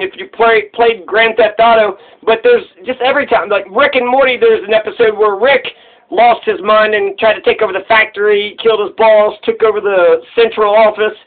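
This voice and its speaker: High-voiced man rambling on a tinny line. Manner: rambling, profane, restarts mid-thought. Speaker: commentator. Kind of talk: casual monologue commentary. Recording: tinny phone-like recording.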